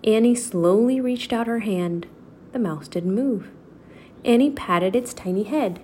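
A woman reading a children's chapter book aloud in a steady, clear storytelling voice. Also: fairly high pitch, measured pace, a little hiss or hum.

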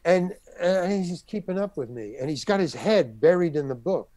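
Older man, animated storyteller, slightly high pitch, dry close mic. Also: moderate pace, no echo. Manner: animated, acts out other people's lines in the story. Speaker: guest actor. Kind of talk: anecdotal storytelling.

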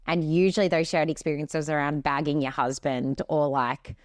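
A woman's voice: low-pitched, moderate pace, no room sound, studio quality. A young Australian woman co-hosting a podcast in casual chat, telling stories with casual swearing. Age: young adult. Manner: lively storyteller, swears casually. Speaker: podcast co-host.

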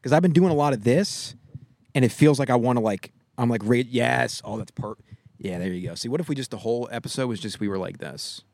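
A man's voice: medium pitch, quick pace, creaky, darkish tone, no echo. A man co-hosting a podcast, chatting casually in a backyard into a handheld microphone, rambling with laughs and swearing. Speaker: podcast co-host.

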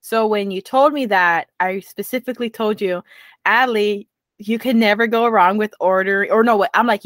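A woman's voice: mid-range voice, moderate pace, fairly bright tone, no echo. A young woman co-hosting a podcast, chatting casually and telling a rambling story while laughing easily. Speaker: podcast co-host. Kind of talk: casual chat.

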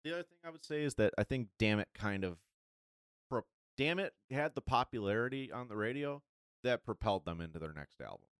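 A man's voice: mid-range voice, lively intonation, brisk, clean tone, no echo, clean studio sound. A man guest co-hosting a podcast, chatting casually and agreeing emphatically. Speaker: guest co-host. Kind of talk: casual chat.

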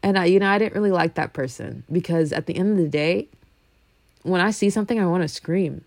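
A young woman from a Congolese family, talking casually and animatedly, swinging from loud bursts to low asides. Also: brisk, no room sound. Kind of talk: casual monologue.

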